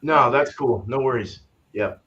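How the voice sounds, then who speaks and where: A man's voice: mid-range voice, a little slow, fairly bright tone. A man hosting a live online panel, upbeat and inviting others to join. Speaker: host. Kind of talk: casual chat. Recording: dull lo-fi audio with faint noise.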